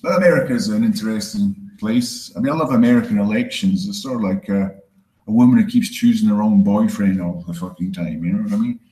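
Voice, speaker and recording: A man from Scotland with a Scottish accent softened by years in Canada, performing a rambling, self-deprecating stand-up set and swearing freely. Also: lowish voice, fast talker, reverberant, poor audio. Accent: Scottish, with some Canadian. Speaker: stand-up comedian.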